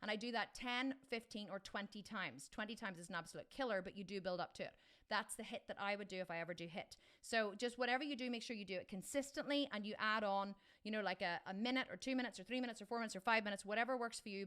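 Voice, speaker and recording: A woman's voice: medium pitch, fast, fairly bright tone. A middle-aged woman coaching fitness in a casual live Q&A, chatty and enthusiastic, with many restarts.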